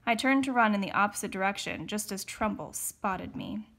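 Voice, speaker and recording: A woman teacher reading a novel aloud, steady with occasional slips and self-corrections. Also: mid-range voice, moderate pace, gravelly.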